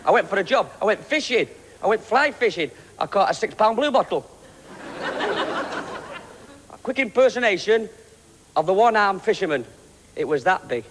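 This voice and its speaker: A man's voice: high-pitched, animated, normal speed, long pauses. A man from Manchester, telling cheeky gags in a chatty stand-up routine. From Manchester, England. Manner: cheeky, chatty gag delivery. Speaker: stand-up comedian. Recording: reverberant TV studio with clear hiss.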